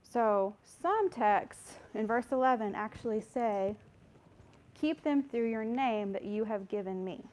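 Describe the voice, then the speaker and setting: Reading scripture aloud while teaching a Bible study, this woman has a voice on the high side, slightly mellow, animated yet slow. Her manner is earnest and conversational with apologetic asides, and she's a bit breathless at the mic.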